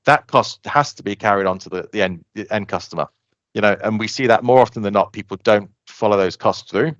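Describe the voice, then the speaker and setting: Man, low voice, rapid animated pitch, close dry mic, lo-fi. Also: no room sound. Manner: fast, animated explaining, acts out customer quotes. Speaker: software company guest. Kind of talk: casual podcast interview.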